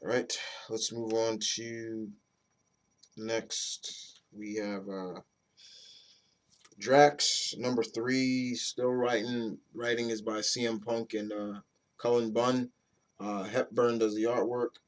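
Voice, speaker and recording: A man's voice: lowish voice, flat delivery, slow pace. A man giving a casual, rambling comic book review, loose and chatty with mild swearing and frequent restarts.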